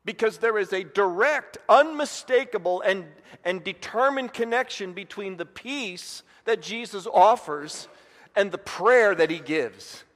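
A man's voice: sits high, expressive, measured pace, a bit bright, big-room sound. A man from Indiana preaching a sermon as pastor, earnest and repeating words as he builds each point.

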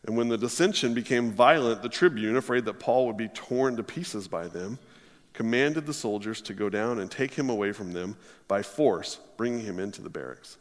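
A man preaching a sermon, reading scripture aloud and then expounding on it with emphatic, drawn-out stresses. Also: on the low side, in a large hall.

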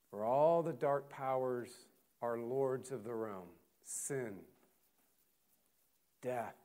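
A man preaching a sermon in a deliberate, emphatic way, with long pauses between phrases. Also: mid-range voice, darkish tone.

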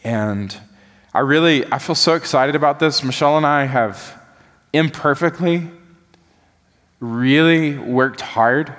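A man delivers a sermon in a church. His voice carries a long hall reverb around it. He preaches in an animated, folksy way, then sinks to a hush to press his point. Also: fairly high pitch, slow pace, long pauses. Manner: animated, folksy preaching, drops soft for emphasis. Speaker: pastor. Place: church sanctuary.

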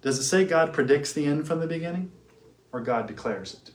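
A man's voice: on the high side, lively intonation. Man teaching in an echoey room. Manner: asks questions, then answers them himself; stresses key words slowly and emphatically. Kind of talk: classroom theology lecture.

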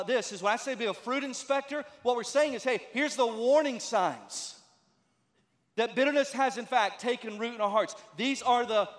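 A man's voice: very high-pitched, fairly bright tone. A man preaching a sermon as a pastor, conversational and emphatic, with many rhetorical questions. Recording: long reverb of a large hall.

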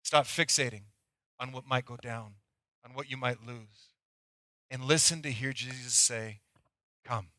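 A male pastor preaching a sermon, moving between loud acted pleas and near-whispers. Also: mid-range voice, steady tone, a little slow, pauses often, dry recording, studio quality.

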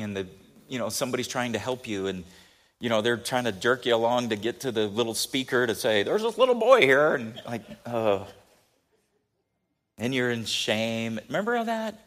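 A male pastor giving a sermon, telling stories animatedly and swinging from loud passages to hushed ones. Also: medium pitch.

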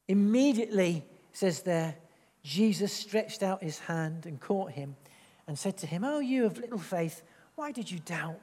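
A man preaching a sermon, reading scripture aloud and slowing down to stress key words. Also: high voice, darkish tone, big-room sound. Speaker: pastor. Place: church hall.

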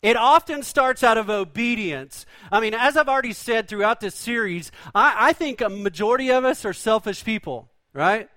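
Male pastor, high-pitched, conversational folksy sermon delivery, dry recording. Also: normal speed, few pauses, sharp tone, dry recording. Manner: folksy, conversational preaching with rhetorical questions.

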